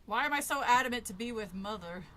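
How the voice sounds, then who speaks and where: A woman playing a horror game and commenting aloud, chatty and quick to laugh as she talks back at what she sees. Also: on the high side, animated, pushed and bright. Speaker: video game streamer. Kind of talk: let's play commentary. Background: game music.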